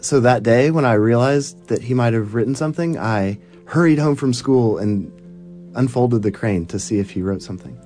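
A man's voice: medium pitch, moderate pace, warm tone, soft background music. A man interpreting a young woman's personal story into English for radio.

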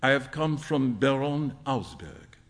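A man's voice: mid-range voice, animated, measured pace, creaky, big-room sound. A man doing a polite old Frenchman. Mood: formal. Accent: slight French.

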